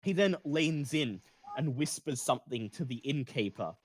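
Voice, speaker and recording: A man's voice: medium pitch, lively intonation, moderate pace, husky, no echo. A man narrating as game master in a tabletop game, describing scenes with occasional stumbles.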